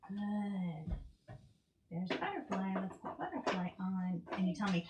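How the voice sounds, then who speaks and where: A woman's voice: medium pitch, very animated, heavy background noise. Woman speech teacher, patient and encouraging, sing-song delivery, reverberant room. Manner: slow, clear and encouraging, praising often. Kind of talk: read-aloud and speech lesson for a child. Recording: echoey room.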